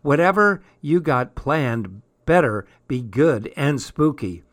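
A man's voice: fairly high pitch, very animated, slow pace, a bit bright, heavily acted. A man voicing a bored young girl who wants a scare, reading a storybook aloud. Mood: eager.

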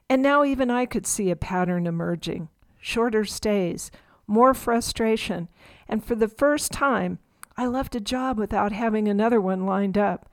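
Memoir narrator: middle-aged woman, mid pitch, measured and reflective, dry close studio sound. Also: a little mellow, dry recording. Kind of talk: audiobook memoir reading.

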